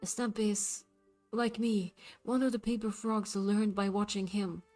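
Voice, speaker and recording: A soft-spoken, courteous frog who runs a jumping contest in a game, as a woman reads him out. The voice stays low-key and measured, at an ordinary pitch, with faint game music underneath. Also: little pitch movement, lightly acted. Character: calm, formal frog host of a jumping contest.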